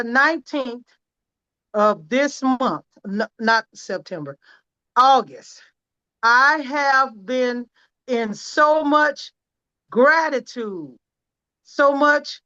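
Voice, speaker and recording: A woman's voice: a little high, pushed and bright, muffled recording. A woman giving an earnest, emphatic personal testimonial from home over a video call. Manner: earnest, emphatic, close to tears at times. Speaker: product testimonial speaker.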